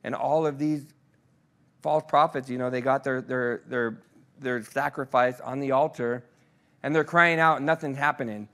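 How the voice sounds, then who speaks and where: A man giving a verse-by-verse Bible teaching in a conversational way, often saying "you know" and slowing down to read scripture aloud with emphasis. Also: medium pitch, fairly even intonation, fairly bright tone. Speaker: pastoral care leader teaching scripture.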